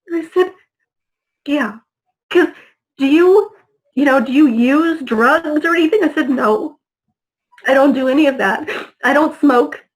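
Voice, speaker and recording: A high-pitched woman recounts a personal story as an interview guest. She tells it with feeling and acts out the lines of the people in it. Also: a little slow, pauses often, rough recording. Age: adult mother. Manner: vivid, acts out dialogue in her retelling.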